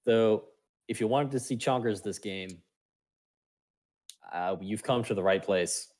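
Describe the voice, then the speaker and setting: Low-voiced playful male esports caster. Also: unhurried, darkish tone. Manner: playful, jokey quips. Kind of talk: casual esports commentary.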